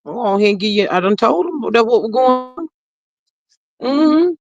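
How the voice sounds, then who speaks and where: Woman host chatting on a stream, gravelly and dry, close mic. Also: animated, normal speed, no room sound, dull audio, faint music behind. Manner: chatty, drawling, swings high and low in pitch. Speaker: livestream host reading chat. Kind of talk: casual chat.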